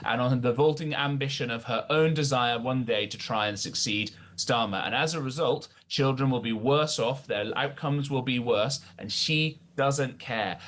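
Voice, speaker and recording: A man's voice: medium pitch, normal speed, hardly any pauses, fairly bright tone. A man, a former government special advisor, giving emphatic and scornful political commentary on live radio.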